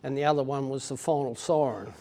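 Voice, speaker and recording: A man's voice: mid-range voice, steady tone, quick pace, warm tone. A man, a player's father, plainly recounting moments from a football final. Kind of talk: casual interview.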